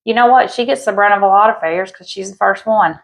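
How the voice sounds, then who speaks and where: A woman's voice: mid-range voice, fast talker, gravelly, rough recording. A woman, co-hosting a podcast, telling candid stories and joking. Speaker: podcast co-host. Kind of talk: casual chat.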